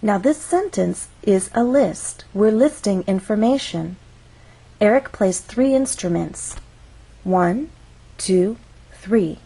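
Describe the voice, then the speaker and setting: A woman teaching English pronunciation, explaining intonation slowly and carefully and demonstrating patterns on example words. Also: medium pitch, lively intonation, creaky, mellow, husky, rough recording. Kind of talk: slow, careful instructional explanation.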